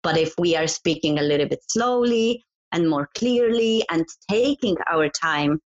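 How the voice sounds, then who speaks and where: A woman speaking in a notably low voice, sharing earnest advice in a relaxed interview chat. The audio is dull and lo-fi, as over a remote call. She laughs easily between points. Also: a little slow. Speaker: guest, events business founder.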